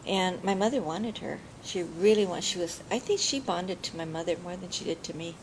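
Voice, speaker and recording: A woman's voice: lowish voice, fairly quick, slight background noise, rough recording. An older woman telling family stories in an oral history interview, chatty and laughing often.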